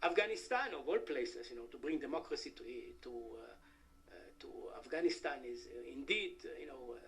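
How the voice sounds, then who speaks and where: A middle-aged man giving an academic conference talk, halting with many fillers and wry asides to the audience. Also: mid-range voice, expressive, vocal fry, fairly bright tone. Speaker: conference speaker. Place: conference hall.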